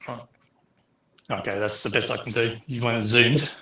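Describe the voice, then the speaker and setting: Bright-voiced man lecturing. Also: mid-range voice, steady tone, echoey room, poor audio. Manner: chatty, filler-heavy, speeds up and slows down. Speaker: university lecturer. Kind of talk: online class lecture.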